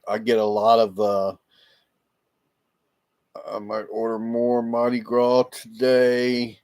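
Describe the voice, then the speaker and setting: A man's voice: medium pitch, completely flat delivery, takes it slowly, a little mellow, smooth. A man chatting casually on a livestream, rambling and laughing often. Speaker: livestream host. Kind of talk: casual live chat with viewers. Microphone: laptop microphone.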